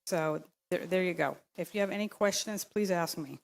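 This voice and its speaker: With a fairly low pitch and some vocal fry, a woman speaks at a moderate pace into a podium microphone at a city council meeting. She rambles insistently through her public comment, stumbling over many fillers and restarts.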